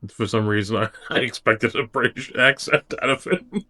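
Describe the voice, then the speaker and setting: A man's voice: mid-range voice, normal speed, pushed and bright. A man co-hosting a reaction video, chatting casually and laughing sheepishly. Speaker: reaction channel host.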